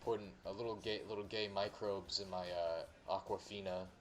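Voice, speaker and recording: A man's voice: low voice, fairly even intonation, normal speed, natural voice. A young man mock-voicing a paranoid, conspiracy-minded man who rambles frantically.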